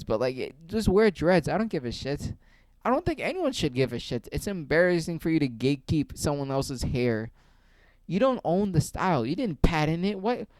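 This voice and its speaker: A man's voice: fairly high pitch, darkish tone, no echo. A man delivering a heated, blunt opinion rant to camera, full of profanity. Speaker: video creator.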